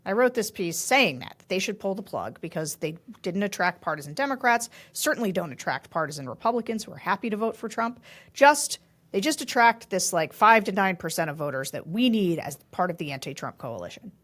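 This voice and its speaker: Animated chatty woman podcast host. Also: medium pitch, a little fast. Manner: chatty, animated storytelling with laughs. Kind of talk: casual political chat.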